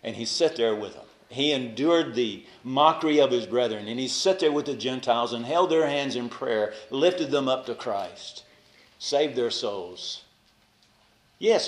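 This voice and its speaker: A man preaching a sermon with passion, dropping to a hush on key phrases and rising to raised emphasis. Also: medium pitch. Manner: impassioned, swings from hushed to raised emphasis. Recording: echoey room.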